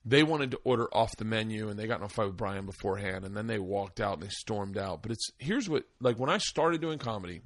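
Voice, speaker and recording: A man's voice: fairly low pitch, lively intonation, fast talker, hardly any pauses, no room sound. A middle-aged man hosting a casual podcast chat, telling rambling, profane stories and acting out the people in them. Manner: rambling, profane storyteller, acts out quoted voices. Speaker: podcast host.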